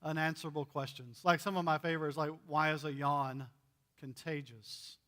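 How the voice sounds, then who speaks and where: A man's voice: fairly high pitch, fairly even intonation, moderate pace, a bit bright. A male pastor giving a sermon in a church, conversational and playful, acting out the dialogue as he goes. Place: church sanctuary.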